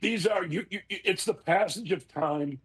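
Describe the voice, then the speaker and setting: A man's voice: high voice, normal speed, husky. A middle-aged man, a guest sharing an emotional remembrance in casual chat. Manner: emotional, expressive, tearful at times.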